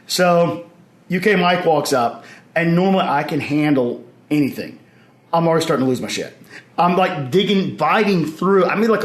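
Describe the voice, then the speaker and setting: A man, a podcast guest, telling stories in a casual, animated way and acting out the voices he quotes. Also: fairly high pitch. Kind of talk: casual storytelling. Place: convention hall. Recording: echoey convention hall.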